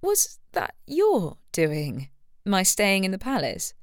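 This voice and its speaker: A woman reading aloud as a proud, practical young woman in an audiobook romance, her voice raised in pitch and emotional. She often drops to a hushed, breathy softness, recorded close and dry. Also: huge pitch swings, slow pace, dry recording, heavily acted. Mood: weary, soft.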